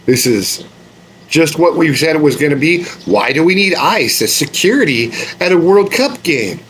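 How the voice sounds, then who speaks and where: A man rants in a loose, casual way, exasperated and dropping the odd curse. His voice sits on the higher side. A faint background noise sits under the recording. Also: very animated, normal speed, fairly bright tone, poor audio. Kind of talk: casual rant.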